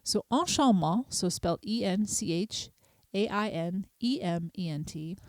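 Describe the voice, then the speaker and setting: A woman's voice: medium pitch, darkish tone, dry recording. Patient teacherly woman podcaster. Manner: patient, teacherly, spells words out slowly. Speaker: podcast host. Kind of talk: explaining a mini lesson.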